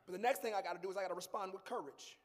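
A man preaching a sermon as pastor, building to shouts and talking straight to the congregation. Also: sits high, rapid-fire, big-room sound. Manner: preaching with rising shouts and call-and-response asides.

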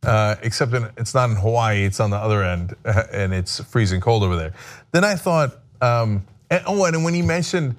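A man's voice: fairly low pitch, lively intonation, moderate pace. A man hosting a show, chatting casually and laughing often, acting out quotes in funny voices. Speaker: show host. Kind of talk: casual chat reacting to a viewer video.

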